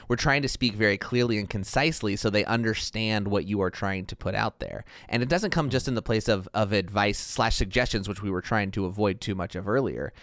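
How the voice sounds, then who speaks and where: Man, fairly low voice, dry close mic, chatty, reflective, casual game talk. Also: no room sound. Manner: reflective, chatty, many fillers, laughs easily. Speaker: podcast co-host. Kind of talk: casual board game discussion.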